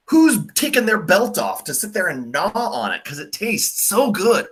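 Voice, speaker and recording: Animated male teacher, lively pitch. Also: normal speed, few pauses. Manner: animated, mocking, lots of fillers. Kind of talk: classroom lecture.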